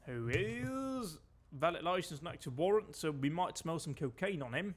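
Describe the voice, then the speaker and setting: Talking over his gameplay on a stream, this British man keeps up relaxed, chatty commentary and slips in wry, deadpan asides. His slightly higher-than-typical male voice has a sing-song quality at normal speed. A faint hiss or hum can be heard.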